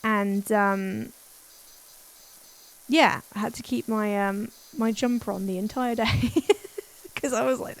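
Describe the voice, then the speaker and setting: A woman's voice: medium pitch, steady tone, takes it slowly, pauses often. A woman streaming a game, chatting casually, giggling and reading chat aloud, her voice a little worn. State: voice a bit worn.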